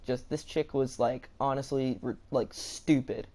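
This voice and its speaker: A man's voice: mid-range voice, fairly even intonation, a little slow, darkish tone. A young man telling a storytime anecdote to his viewers, rambling and stammering with many restarts and "like" fillers. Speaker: vlogger. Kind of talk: storytime vlog.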